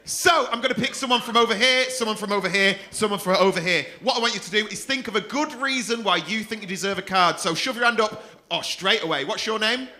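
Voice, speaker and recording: Compere, male, high and bright voice, crude crowd work on a club stage. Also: fast, hardly any pauses. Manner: swearing, teasing audience members.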